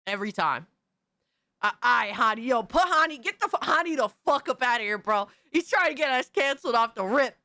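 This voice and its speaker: A woman hosting a live stream, hyped and profane, rattling off shout-outs to chat in casual banter. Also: on the high side, animated, a little fast, no room sound, clean studio sound.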